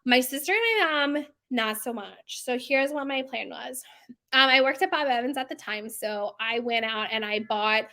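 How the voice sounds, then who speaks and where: Bright, chatty woman telling stories. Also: on the high side, normal speed. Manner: chatty, animated, acts out quotes, laughs often. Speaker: bakery owner telling stories. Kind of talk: casual storytelling monologue.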